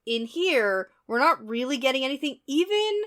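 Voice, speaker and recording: A woman with a slightly high voice co-hosts a casual book podcast. She talks in a chatty, easygoing way, laughs often and throws in quick asides. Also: sing-song, a bit bright. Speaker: podcast co-host.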